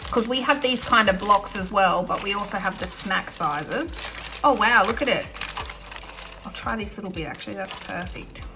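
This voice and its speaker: A woman's voice: mid-range voice, moderate pace, background noise. An Australian woman vlogging casually to camera, chatty and effusive, giggling and talking while she eats snacks. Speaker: budgeting vlogger.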